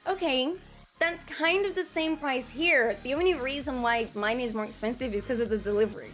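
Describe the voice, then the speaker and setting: A young woman chats playfully with her stream audience, her voice bright and a touch high. She talks into a desk mic in a room with a little echo, and faint music plays underneath. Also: moderate pace. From Australia. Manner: chatty, playful, reading and answering chat. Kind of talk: casual live-stream chat. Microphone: desk mic, testing distances.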